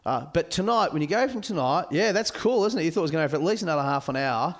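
A man giving a sermon at a youth camp, animated and joking with his listeners. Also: sits high, quick pace. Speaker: camp speaker.

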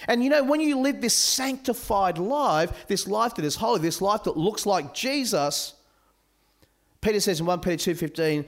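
A man giving a sermon at a youth camp, animated and joking with his listeners. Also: sits high, fairly quick. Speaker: camp speaker.

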